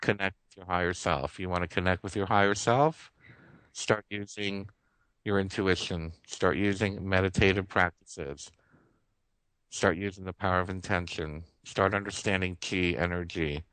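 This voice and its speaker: A man's voice: deep voice, steady tone, moderate pace, a bit bright, smooth, dry recording. Impassioned man hosting spiritual talk radio. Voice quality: earnest, impassioned, repeats phrases. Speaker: radio show host.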